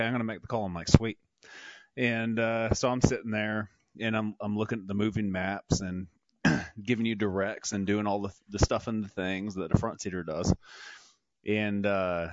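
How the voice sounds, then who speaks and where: A laid-back man tells a cockpit story in a casual group interview, swearing and leaning on "and, uh" fillers. his voice sits mid-pitch, recorded dry and close with dull, lo-fi audio. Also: flat delivery, normal speed, no echo. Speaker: former Apache front-seat pilot.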